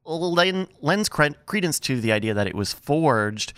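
A man hosting a casual podcast chat, explaining things in a relaxed way. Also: a little high, unhurried, clear, resonant tone, no room sound. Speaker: podcast host.

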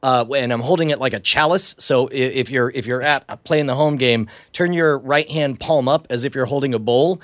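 A man co-hosting a podcast, casually telling an animated story and acting out his own quotes. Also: medium pitch, moderate pace, hardly any pauses, dry recording. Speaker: podcast co-host. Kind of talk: casual chat.

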